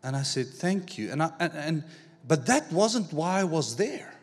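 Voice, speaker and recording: A man preaching a sermon, telling a personal story in an animated way, acting out the dialogue and repeating words as he goes. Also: a little high, moderate pace, faint music behind. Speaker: pastor.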